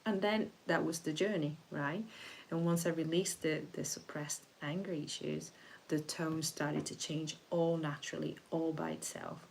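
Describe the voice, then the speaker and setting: A woman hosting a spiritual livestream, talking in a soft, meandering way with frequent restarts. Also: low voice, steady tone, unhurried, creaky, a little hiss or hum, low-quality recording. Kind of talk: casual reflective livestream talk.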